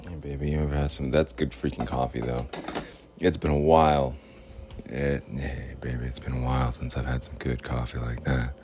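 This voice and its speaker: A man putting on a smooth, deep-talking ladies' man persona, speaking in a low, hushed croon at home. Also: flat delivery, a little hiss or hum. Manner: slow seductive crooning. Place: home room with fridge and air purifier.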